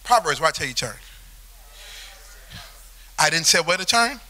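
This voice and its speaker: A man preaching a sermon as pastor, telling a story in an animated way that swells into shouting. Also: on the high side, unhurried. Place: church sanctuary.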